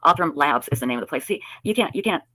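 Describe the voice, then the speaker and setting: A woman's voice: low voice, expressive, quick pace, pushed and bright, husky, dry recording, poor audio. A woman hosting a live stream in casual, effusive chat, with a slight lisp from new dentures. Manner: effusive, chatty. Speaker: livestream host.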